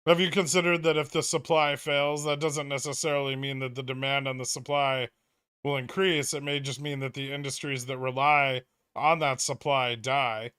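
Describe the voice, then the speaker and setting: A man hosts his own trading livestream, reading viewer messages aloud and answering them in a dry, offhand manner. His voice sits at a middling pitch, and the mic is close, with no room sound at all. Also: flat delivery, normal speed, sharp tone, clear, resonant tone, no room sound. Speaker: livestream host. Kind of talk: casual chat reading viewer questions.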